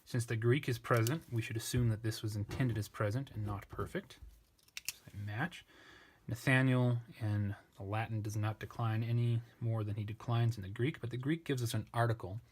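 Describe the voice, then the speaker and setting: A man's voice: fairly low pitch, steady tone, normal speed, a little hiss or hum. A man tutoring a parsing lesson, working step by step, thinking aloud and correcting himself as he goes. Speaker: language tutor.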